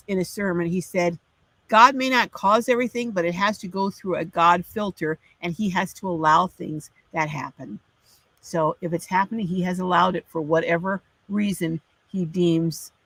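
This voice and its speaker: Reading out viewer comments on her casual livestream, a woman sounds chatty and apologetic, restarting often and dealing with a runny nose. Her voice is fairly low and a bit bright, and the recording is dry.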